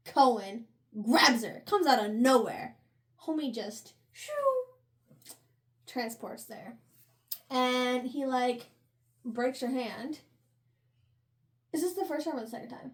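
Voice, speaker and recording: A young woman co-hosting a casual book review chat, slangy and laughing, acting out characters in quick asides. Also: high-pitched. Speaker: book review podcast co-host. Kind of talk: casual chat recapping a novel.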